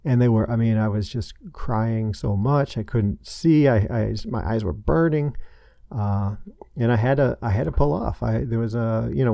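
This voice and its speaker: A man hosting his own podcast, telling a painful personal story in a halting way, full of restarts and fillers. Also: lowish voice, creaky, dark tone, no room sound. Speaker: podcast host. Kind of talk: personal confessional monologue.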